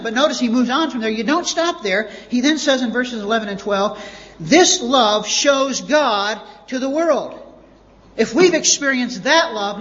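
A man with a high voice preaches a sermon, pressing his points by repeating words. The sound is dull and lo-fi, with a long reverb trailing behind him as if in a large church hall. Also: a bit bright. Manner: emphatic, repeats words for stress. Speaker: pastor.

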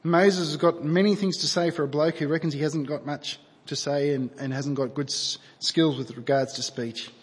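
A man's voice: a little high, steady tone, moderate pace, hardly any pauses, breathy edge. A man preaching a sermon in an earnest, conversational way, asking his listeners rhetorical questions. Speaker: pastor. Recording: long hall reverb.

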